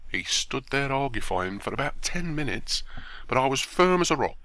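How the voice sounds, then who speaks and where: A man reading a bedtime story aloud in an expressive, lively storytelling manner. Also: mid-range voice, normal speed. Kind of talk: scripted narration of a bedtime story.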